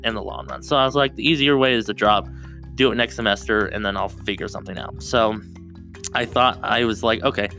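A young man hosts his own solo podcast, rambling casually close to the mic and often restarting his sentences. His mid-range voice is bright and forceful.

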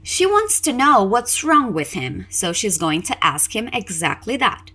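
A woman teaching English in a podcast lesson, explaining clearly and encouraging listeners to repeat out loud. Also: medium pitch, sing-song, measured pace.

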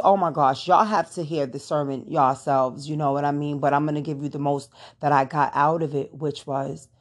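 A young adult woman hosting her own show, casually telling listeners a personal faith testimony, addressing them as y'all with lots of fillers. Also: deep voice. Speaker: podcast host.

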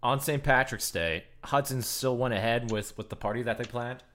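A man's voice: mid-range voice, moderate pace, fairly bright tone. Brief: man, mid voice, hesitant podcast host. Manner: hesitant, lots of fillers. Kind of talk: casual podcast chat.

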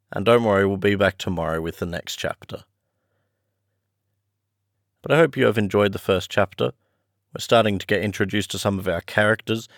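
A man narrating a classic story as an audiobook podcast host, measured and friendly. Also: sits low, no echo, studio quality.

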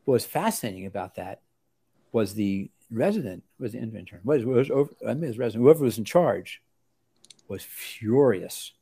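An older osteopathic family physician, a guest in an interview, tells stories in a relaxed way. His mellow voice leans low with a breathy edge at a moderate pace, and he wanders, restarting often and performing lively quotes.

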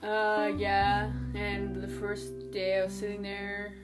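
A young woman guest talking in a flat, matter-of-fact way in a casual chat. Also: medium pitch, takes it slowly. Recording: distant from the mic. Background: guitar music.

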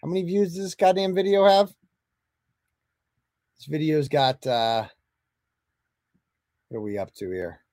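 A man's voice: a little high, unhurried, long pauses, warm tone, no room sound. A man hosting a live web show, ranting in a brash, profane and combative way and reading out viewer donations. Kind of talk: casual livestream rant.

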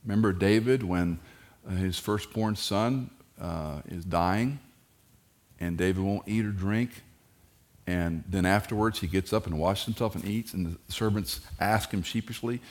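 A middle-aged man preaching a sermon, animated and joking, who jumps into high mock voices when quoting kids and parents. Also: unhurried. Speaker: pastor.

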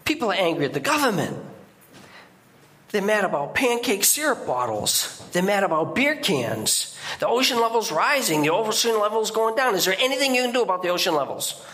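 Animated, bright-voiced male guest preacher. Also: fairly quick. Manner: conversational, with sudden emphatic rises in pitch. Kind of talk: sermon. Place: church.

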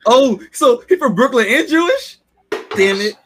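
A man's voice: very high voice, animated, a little slow, faint music behind. A man joking and teasing in casual chat.

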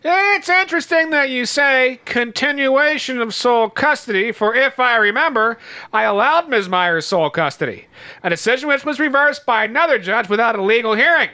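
A man's voice: very high-pitched, animated, normal speed, pushed and bright, smooth, dry recording, pitched above the performer's own voice, heavily acted. A man reading the part of a stern, sarcastic family court judge in a comedic script reading.

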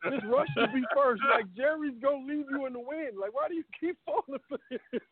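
A man calling into a sports talk show, ranting in an animated, exasperated way. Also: extremely high pitch, brisk, a crowd in the background. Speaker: regular caller. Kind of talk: casual sports talk call-in. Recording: dry tinny phone line.

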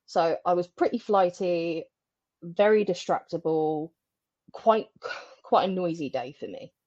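A woman speaking as a podcast guest in a candid, animated way, often laughing between phrases. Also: on the low side, a little slow, no room sound. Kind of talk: candid conversational interview. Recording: dry, slightly dull lo-fi sound.

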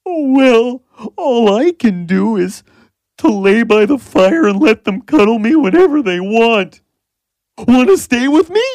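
A woman voicing a gentle, lonely pampered male pet dog in a children's story. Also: a little high, lively intonation, slow pace, no room sound. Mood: surprised.

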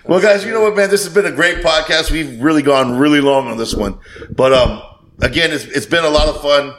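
A man's voice: fairly high pitch, fairly quick, a bit bright, slight background noise. A man hosting a podcast, telling a story casually and swearing freely. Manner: swears freely, acts out quoted voices. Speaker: podcast host.

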